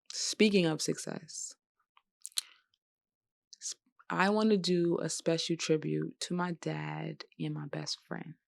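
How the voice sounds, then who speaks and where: In a studio-quality recording with no echo, a tired vlogger speaks to camera with emotion and earnestness, at moments pleading. She has a deep, gravelly voice.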